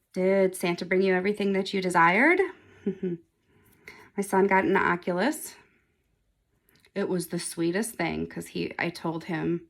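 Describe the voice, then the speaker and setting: Chatty mom vlogger lady, 40s, low gravelly voice, lots of ums and little laughs. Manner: rambling, chatty, laughs often, many ums. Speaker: nail polish vlogger. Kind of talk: casual chat to camera.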